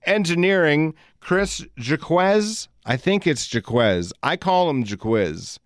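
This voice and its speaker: A middle-aged man with a high-pitched, animated voice hosts a podcast at a slow pace, recorded on a studio microphone with no echo. In casual storytelling chat, he rambles, swears freely, and laughs often.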